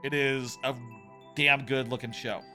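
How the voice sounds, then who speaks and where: A man's voice: medium pitch, fairly even intonation, a little slow, bright, forceful tone. A young adult man streaming a game, chatting casually in a rambling, wry way, swearing now and then. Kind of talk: casual chat while playing. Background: faint game music.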